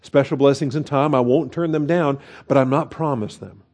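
A man's voice: mid-range voice, fairly even intonation, moderate pace, darkish tone. A man teaching a verse-by-verse Bible study in a conversational way, with fillers and rhetorical questions.

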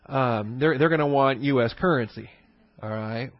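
A man's voice: mid-range voice, normal speed, no room sound. A man teaches a sermon, talking it through conversationally with rhetorical questions and frequent fillers. The recording is dull and lo-fi, and the sound is dry and close. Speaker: pastor.

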